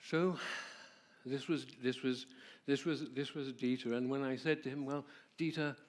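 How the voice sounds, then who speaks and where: A man presenting at a church, telling a personal story in a warm, conversational way and asking the audience questions. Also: mid-range voice, steady tone, normal speed. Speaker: marriage ministry presenter.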